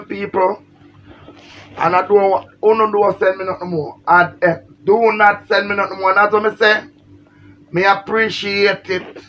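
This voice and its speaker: A woman's voice: mid-range voice, muffled recording, a little hiss or hum. A woman with a Jamaican accent, feeling unwell, ranting and pleading on a livestream. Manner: emphatic, pleading, repetitive. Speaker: social media personality.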